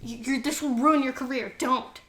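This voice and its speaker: A woman's voice: high-pitched, steady tone, normal speed, a bit bright, roomy sound, slight background noise. A woman voicing an old male professor coldly justifying himself, in a casual podcast retelling. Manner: matter-of-fact justifying.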